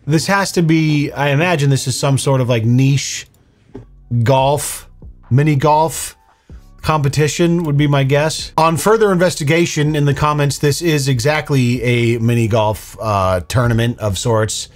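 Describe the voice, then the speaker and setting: A man's voice: mid-range voice, fairly even intonation, a little slow, faint music behind. A man hosting a reaction video, riffing on clips with sarcastic, mock-serious rants. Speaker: commentary video host.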